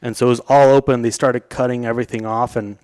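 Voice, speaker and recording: A man's voice: mid-range voice, flat delivery, quick pace, a little mellow, dry recording, clean studio sound. Laid-back young man telling a story. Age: young adult. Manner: laid-back, swearing, laughing through his story. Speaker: podcast guest. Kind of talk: casual storytelling.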